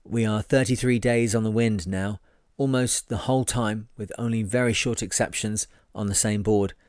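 A man reading a sailing memoir aloud in a measured, wry first-person delivery. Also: lowish voice, steady tone, a little mellow, dry recording, studio quality. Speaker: reader.

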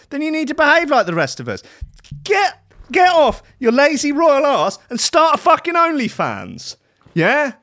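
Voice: high voice, moderate pace, no room sound, clean studio sound. A speaker with a British accent delivering a crude, mocking comedic rant full of swearing. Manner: sweary, mocking, animated, with voices and outbursts. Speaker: comedic ranter.

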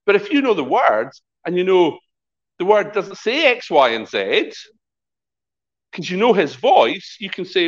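A man's voice: sits high, measured pace, lo-fi sound. A middle-aged man, a pastor, preaching a conversational sermon and acting out the voices in his stories. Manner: lively, conversational preaching with acted-out quotes.

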